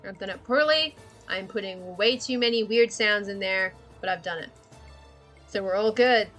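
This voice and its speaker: A woman's voice: mid-range voice, moderate pace, a bit bright, faint music behind. A woman hosting a casual live stream while she draws. She rambles from one tangent to the next, swears freely and laughs often.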